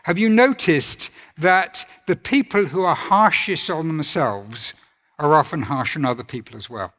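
A man preaching a sermon in a gentle, conversational way, asking his listeners rhetorical questions. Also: on the high side, in a large hall.

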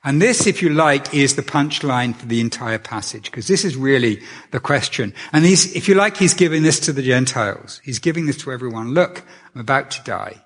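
A man's voice: medium pitch, lively intonation, fairly quick, hardly any pauses. A man preaching a sermon in a conversational way, often restarting his sentences. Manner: conversational, with many restarts and fillers.

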